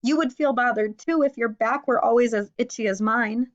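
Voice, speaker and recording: A woman's voice: a little high, normal speed, close to an everyday voice. A grumpy, lonely rhinoceros from a children's storybook, as a woman reads him aloud. He huffs and grumbles through his lines, short-tempered and put out. The sound is slightly muffled and lo-fi. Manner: huffy and grumbling.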